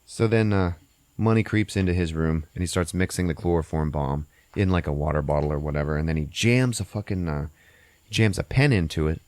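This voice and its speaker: A man hosting a podcast, recapping a movie in a profane, animated, laughing way. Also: deep voice, fairly quick, dry recording. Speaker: podcast host.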